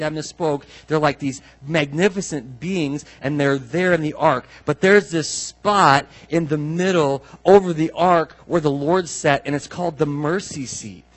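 Male pastor, slightly higher voice, conversational sermon that builds to emphatic declarations. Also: rough recording. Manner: conversational, asks the congregation questions; rises to emphatic, drawn-out declarations.

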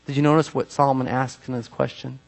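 A man preaching a conversational sermon as a pastor, swinging between emphatic loud bursts and quiet, drawn-out drops. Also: mid-range voice, level tone, creaky.

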